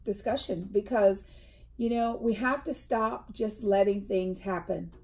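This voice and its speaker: A woman's voice: mid-range voice, a little slow. A middle-aged woman co-hosting a casual chat, telling stories and acting out the people in them. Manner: animated storyteller, acts out quotes. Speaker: co-host. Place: indoors, tea table chat.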